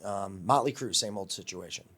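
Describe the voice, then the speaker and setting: A man in his fifties from Wisconsin, a longtime radio host, telling lively stories in an interview and acting out the voices of people he quotes. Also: lowish voice, normal speed. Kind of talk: storytelling interview.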